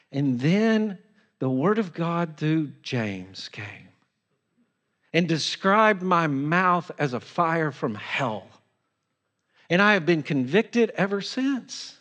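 Male pastor with a high voice for an emphatic, unhurried sermon. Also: very animated, fairly bright tone. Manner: emphatic, repeats rhetorical questions.

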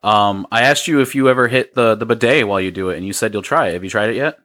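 A man's voice: on the low side, fast, fairly bright tone. A man co-hosting a podcast, asking easygoing questions in casual conversation. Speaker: podcast co-host.

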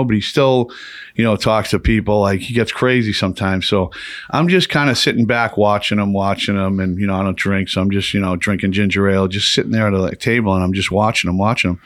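A man's voice: on the low side, no room sound, clean studio sound. A man hosting a podcast, telling a long story in a casual, rambling way, swearing and laughing often. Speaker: podcast host.

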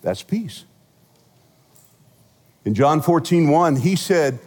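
A male senior pastor preaches a sermon in a large church sanctuary, telling stories with humor and big swings in loudness. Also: fairly high pitch, sing-song, a little slow, long pauses, long reverb tail.

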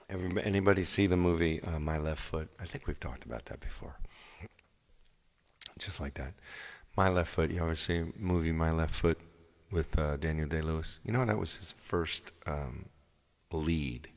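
A man's voice: very deep voice, moderate pace. A man singer live-streaming to his viewers, chatting casually and rambling, often repeating his phrases. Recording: long hall reverb, faint music behind.

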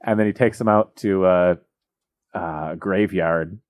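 Low-voiced rambling man. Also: unhurried, a little mellow. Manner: rambling storyteller, jokey asides. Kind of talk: casual comedic podcast chat.

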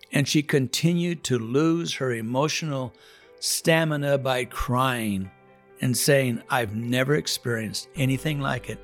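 A man who leads a prison Bible study tells his own testimony in an earnest, emphatic way, often repeating words. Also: medium pitch. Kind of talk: spoken testimony.

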